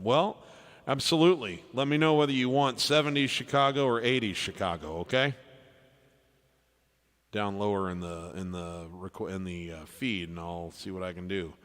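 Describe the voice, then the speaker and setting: Soft-spoken man chatting on a livestream. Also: lowish voice, big-room sound. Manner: friendly, thanks viewers by name, trails off softly. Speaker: livestream piano performer reading chat requests. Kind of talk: casual livestream chat.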